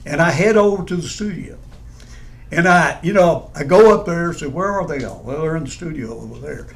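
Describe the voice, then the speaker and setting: A man's voice: on the high side, brisk. A man telling funny stories in casual chat, laughing through his punchlines. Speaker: radio personality guest.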